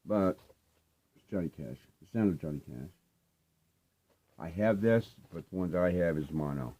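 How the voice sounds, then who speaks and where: An older vinyl-collecting vlogger casually shows off his record finds in a loose, laid-back ramble full of fillers. His voice is low, dark, slightly rough, and expressive, at a moderate pace.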